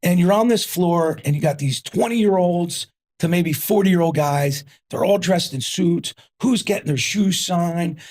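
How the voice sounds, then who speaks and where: A man in his fifties from New Jersey, a guest telling his story in an energetic, punchy way and repeating himself for emphasis. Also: high voice, a little slow. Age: 50s. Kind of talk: casual interview storytelling.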